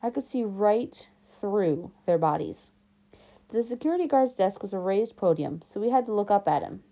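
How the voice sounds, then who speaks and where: A woman reading a novel aloud in calm, first-person storytelling narration. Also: mid-range voice, moderate pace. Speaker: audiobook reader. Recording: dull lo-fi recording.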